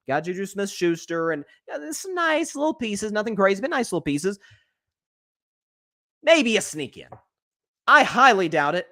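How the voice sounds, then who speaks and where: A male sports show host talking through his takes alone, opinionated and animated. His voice sits fairly high for a man and swings widely in pitch as he pushes his points. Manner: animated, opinionated, talks fast with restarts. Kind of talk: solo sports commentary.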